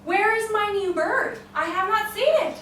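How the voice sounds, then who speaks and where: A woman's voice: extremely high pitch, moderate pace, sharp tone, slight background noise, voice pushed up. A woman storyteller voicing a commanding middle-aged king who talks in emphatic exclamations, in an echoey room from far off. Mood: demanding.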